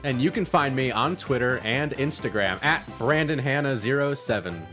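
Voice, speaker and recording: A man co-hosting a casual online show, making dry, quiet asides. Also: mid-range voice, expressive, normal speed, over music. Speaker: co-host.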